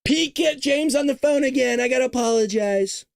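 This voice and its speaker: Guy putting on a brash president voice, high and punchy, curt and mocking. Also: normal speed, creaky, full character voice. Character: brash blunt male president on the phone.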